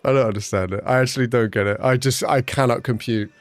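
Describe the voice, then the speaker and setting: A young man chatting casually with his livestream chat, talking fast and swearing, with his pitch jumping up whenever he quotes someone. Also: fairly even intonation, faint music behind. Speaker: streamer.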